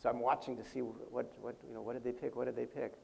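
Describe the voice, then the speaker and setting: An older man, a convention panel guest, telling an animated story and acting out quotes, laughing often. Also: medium pitch, fast talker, gravelly, a little hiss or hum. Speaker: interview guest, language creator. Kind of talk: storytelling anecdote on stage.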